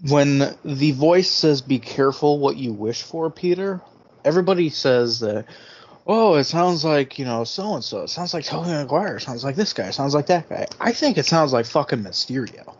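A man's voice: on the high side, animated, moderate pace, slightly rough. A man co-hosting a podcast in casual chat, offhand and dry as he lays out a theory. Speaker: podcast co-host. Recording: dull lo-fi podcast audio.

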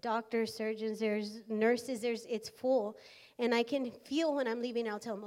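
A woman's voice: fairly high pitch, fairly even intonation, measured pace, darkish tone. A woman in her thirties telling a personal testimony in church, earnest and acting out the dialogue. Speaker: speaker sharing a testimony.

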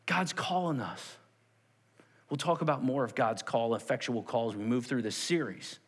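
Animated preacher man in a reverberant church. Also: mid-range voice, moderate pace, slightly rough. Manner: animated, acts out quoted voices, repeats "okay?". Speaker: pastor. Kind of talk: sermon with storytelling. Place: church sanctuary. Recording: long hall reverb.

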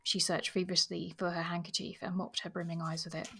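Woman reading a novel aloud, husky with some vocal fry, gets quiet and whispery in places. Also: fairly low pitch, little pitch movement, fast.

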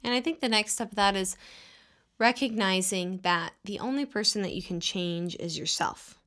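Bright-voiced woman co-hosting advice talk. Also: mid-range voice, normal speed. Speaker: co-host.

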